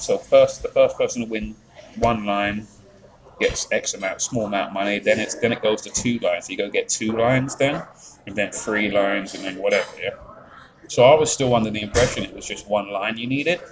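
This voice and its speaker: A man's voice: on the low side, normal speed, noisy background. A man with a Yorkshire accent chatting on a live stream, rambling, swearing freely and reading out chat messages. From England.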